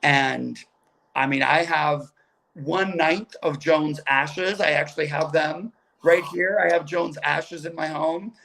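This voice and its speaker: Chatty man with a gravelly voice. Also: a little high. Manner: animated, chatty, quick asides. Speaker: guest comedian. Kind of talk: casual storytelling on a video call. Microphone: video call.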